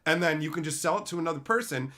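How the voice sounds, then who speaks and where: Animated, foul-mouthed male stream host. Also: a little high, fast. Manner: profane, sarcastic, animated ranting. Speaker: livestream host reading chat. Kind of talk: casual ranting commentary.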